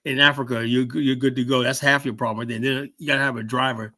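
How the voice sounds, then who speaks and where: Bright-voiced casual male host. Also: mid-range voice, little pitch movement. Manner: loose and profane, drawn-out fillers. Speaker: podcast host. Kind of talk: casual chat.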